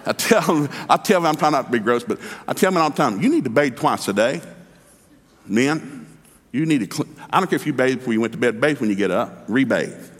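Animated preacher in a reverberant hall. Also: male voice, mid-range voice, brisk, breathy edge. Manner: folksy, humorous, emphatic with acted-out dialogue. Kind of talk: lively sermon with storytelling.

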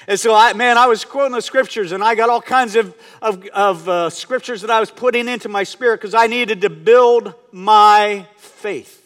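High-voiced pastor preaching in a reverberant hall. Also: male voice, fairly quick, few pauses. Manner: earnest, swings from hushed to rising emphasis. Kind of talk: sermon.

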